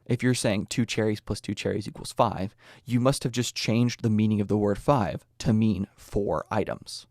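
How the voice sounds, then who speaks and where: A man's voice: on the low side, normal speed, darkish tone, no room sound, clean studio sound. A young American man hosting a podcast, explaining ideas earnestly with small personal asides. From United States. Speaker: podcast host. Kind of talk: scripted explanatory talk.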